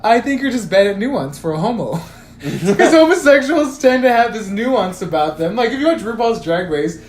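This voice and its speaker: This young podcast co-host has a high voice with big pitch swings and talks at a normal speed. He's casually telling a story packed with swearing and quoted texts. There's roomy echo and a bit of faint room noise on the recording.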